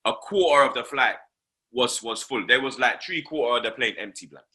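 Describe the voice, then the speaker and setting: A young man with a London accent hosts a casual chat, telling stories in an animated, slangy way full of swearing. He speaks briskly at a medium pitch and keeps adding fillers to his lines.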